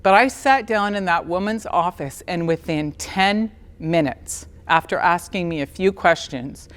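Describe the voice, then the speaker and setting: A woman's voice: on the low side, a little slow, big-room sound. Candid storytelling woman in her fifties. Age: 50s. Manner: animated storyteller, blunt and candid. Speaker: speaker at a talk event. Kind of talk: personal story talk. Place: on a stage.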